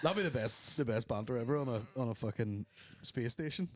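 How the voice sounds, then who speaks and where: A man on a comedy podcast in a club green room, telling crude jokes with animated storytelling. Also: mid-range voice, fairly quick, over a noisy crowd. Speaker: podcast guest. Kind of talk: casual comedic banter. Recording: loud background noise.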